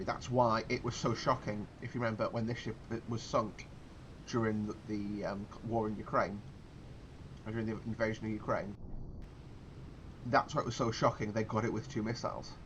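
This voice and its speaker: A man's voice: fairly low pitch, steady tone, normal speed, dull audio, slight background noise. A man giving casual gameplay commentary, explaining tactics in a rambling way with many fillers and restarts.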